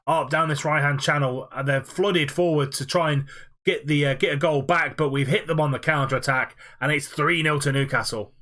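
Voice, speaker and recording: A man's voice: a little high, steady tone, pushed and bright. Man calling football play-by-play. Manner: quick play-by-play with frequent "uh" fillers. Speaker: video game player commentating his own matches. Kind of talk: play-by-play football commentary over gameplay.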